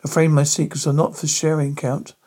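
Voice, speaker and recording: A man's voice: fairly high pitch, completely flat delivery, a little fast, darkish tone, natural voice. A man voicing a cautious time-travelling doctor hero in an amateur audio story. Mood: wary.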